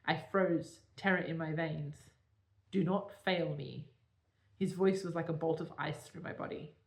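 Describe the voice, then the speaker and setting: Her voice is deep and steady, at a moderate pace, with a roomy sound. She co-hosts a podcast and reads from her own novel, pausing to giggle and poke fun at her writing.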